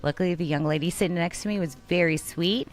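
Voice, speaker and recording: A woman's voice: lowish voice, quick pace. A woman co-hosting a talk show, telling a funny travel story in casual chat and acting out the voices of the people in it. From Texas. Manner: animated, laughing, acts out quoted dialogue. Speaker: radio show co-host.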